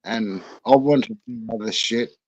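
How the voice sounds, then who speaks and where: Slow-talking man with crude jokes. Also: fairly low pitch, darkish tone, slightly rough, no echo. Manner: jokey, crude humour. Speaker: guest, army veteran. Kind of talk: casual chat. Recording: dull lo-fi sound.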